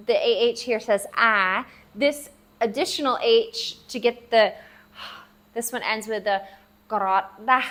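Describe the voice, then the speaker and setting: Slow, patient woman teaching vocabulary. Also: fairly high pitch, pushed and bright. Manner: slow, patient, sounds out syllables repeatedly. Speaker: language teacher. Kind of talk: casual spoken lesson. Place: at a table, writing for the viewer.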